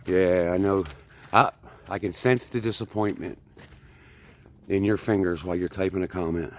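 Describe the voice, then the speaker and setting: A man's voice: sits low, fairly even intonation, normal speed. A man rambling to his viewers while hiking uphill on a trail, out of breath and chatty, poking fun at himself and asking the folks watching what to do. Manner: chatty, self-mocking, talks to viewers as folks. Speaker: vlogger.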